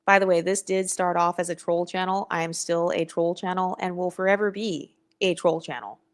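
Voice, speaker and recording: A woman's voice: fairly low pitch, steady tone, normal speed. A young woman hosting a casual livestream, talking bluntly and with attitude, swearing freely and reading viewer comments aloud. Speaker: livestream host.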